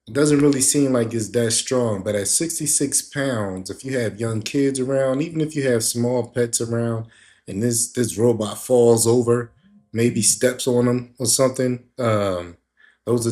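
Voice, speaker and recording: Skeptical man thinking out loud. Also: mid-range voice. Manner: skeptical, rambling, repeats words while thinking aloud. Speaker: reaction video host. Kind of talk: casual reaction commentary.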